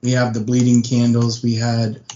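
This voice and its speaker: A man's voice: medium pitch, monotone, moderate pace, dark tone, lo-fi sound. A man with a Texan accent, co-hosting a podcast in casual chat and joking as he tells stories. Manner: joking, storytelling. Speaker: podcast co-host.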